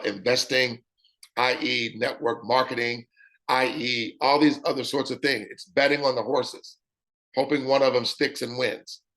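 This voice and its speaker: A man with a raspy voice delivers an animated sales-pitch demonstration. His pitch sits in an ordinary middle range. He keeps tossing in "okay?" to check that his listeners are with him. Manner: animated, repeats "okay?" often. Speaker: presenter.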